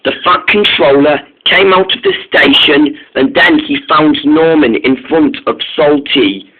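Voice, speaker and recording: A man's voice: fairly high pitch, unhurried, slight background noise. A man narrating a toy-train story in an informal, eager way. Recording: tinny phone-like sound.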